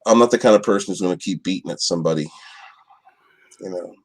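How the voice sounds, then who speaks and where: A podcast guest with a low voice talks fast and casually, rambling and crude, stammering, restarting, and laughing a lot. There's no room sound.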